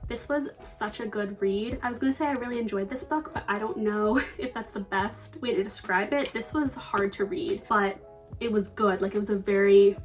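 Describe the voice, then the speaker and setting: A young woman talks through her recent reads in a relaxed, chatty way, earnest and a little rambling, with small laughs. Her voice sits at an ordinary middle pitch. Soft music plays faintly underneath. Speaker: book vlogger. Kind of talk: casual book review chat.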